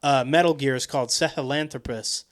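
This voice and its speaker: A man co-hosting a casual podcast chat, rambling and halting with fillers and swearing. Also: mid-range voice, a bit bright. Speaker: podcast co-host.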